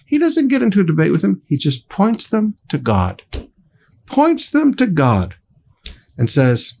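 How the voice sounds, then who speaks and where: A man's voice: sits high, huge pitch swings, unhurried, gravelly, a little mellow, slight background noise. A man pastor preaching a sermon, emphatic and speaking straight to his congregation.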